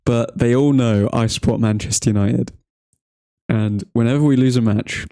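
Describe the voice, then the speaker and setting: A man's voice: mid-range voice, dark tone, dry recording. A young man from England hosting a football watchalong stream, chatting to viewers, joking and laughing often. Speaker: watchalong livestream host. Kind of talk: casual live chat to viewers.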